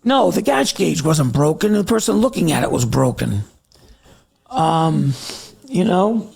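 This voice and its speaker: A middle-aged man chats loosely on a live stream from home, drifting between topics and calling out viewers by name. His voice is gravelly and husky, set a touch higher than most men's. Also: big pitch swings, unhurried, darkish tone. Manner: rambling, chatty, answering viewer comments by name. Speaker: TikTok live host. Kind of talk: casual live-stream chat. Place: at home in the evening.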